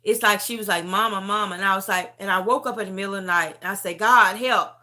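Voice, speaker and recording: A middle-aged woman sharing a personal testimony on a live stream, telling her story with animated emotion and close to tears, often calling the listener "beauty". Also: medium pitch, racing. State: near tears.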